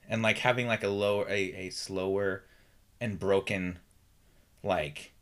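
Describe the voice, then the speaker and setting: A man's voice: sits low, fairly even intonation, unhurried, a bit bright. A man co-hosting a podcast, chatting casually about a tabletop game, rambling with many restarts and filler words. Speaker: podcast co-host. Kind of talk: casual chat.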